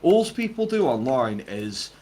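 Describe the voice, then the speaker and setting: A man's voice: medium pitch, sing-song, measured pace, a loud crowd. A man in casual podcast banter, crude and sarcastic, swearing constantly. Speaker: podcast co-host.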